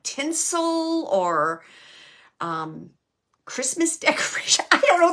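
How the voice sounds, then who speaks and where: Bright-voiced chatty woman medium. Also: mid-range voice. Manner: chatty, relays spirit messages in quotes. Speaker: psychic medium. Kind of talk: live mediumship reading.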